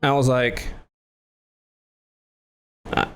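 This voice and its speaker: A man hosting a podcast, telling a story in casual chat, acting out both voices, swearing and laughing loudly. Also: slow. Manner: swears casually, says "like" often. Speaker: podcast host.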